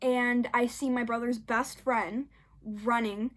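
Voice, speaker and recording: A young woman casually telling a personal story, animated and acting out the lines of others with big jumps in voice. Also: fairly high pitch, takes it slowly.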